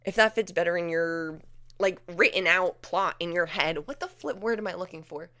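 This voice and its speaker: Chatty young woman doing a solo podcast, talks fast w lots of "like"s, dead dry mic. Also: lowish voice, no echo. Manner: chatty, animated, lots of fillers and acted-out quotes. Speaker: podcast host. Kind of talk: casual solo podcast chat.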